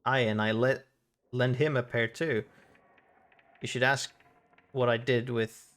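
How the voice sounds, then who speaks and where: A man's voice: mid-range voice, fairly even intonation, a little slow, a bit bright, close to an everyday voice. Brief: a man reading a scornful spirit woman sharing a body, plain game read. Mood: taunting. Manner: reading game dialogue aloud. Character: fierce old female spirit, taunting.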